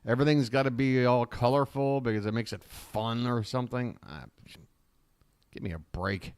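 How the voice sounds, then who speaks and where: A man's voice: medium pitch, moderate pace, clean tone, no echo. A man hosting a live stream, riffing casually and wryly, often wandering off on tangents. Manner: rambling, wry, easily sidetracked.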